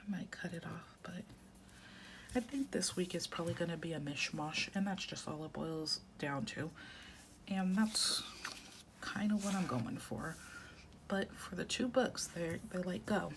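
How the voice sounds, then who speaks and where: A woman in her thirties chatting casually while she works on her journal, talking softly and often half-whispering, rambling with lots of "like". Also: on the low side, measured pace. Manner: rambling with many "like" fillers. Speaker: planner vlogger. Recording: steady background noise.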